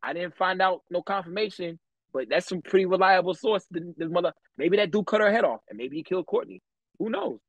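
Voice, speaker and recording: A man tells stories from his life on a podcast in a loose, slangy, profane way, often laughing. His voice is husky and mid-pitched. The sound is dry and a little dull. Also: big pitch swings, fairly quick, no room sound. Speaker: podcast guest telling his story. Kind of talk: casual chat, storytelling.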